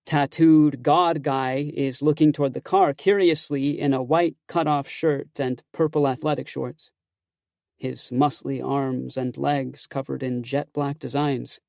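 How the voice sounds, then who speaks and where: A man's voice: mid-range voice, steady tone, unhurried, gravelly, a little mellow, no room sound. A man narrating a first-person audiobook in a wry, conversational, self-conscious way, close to a studio mic.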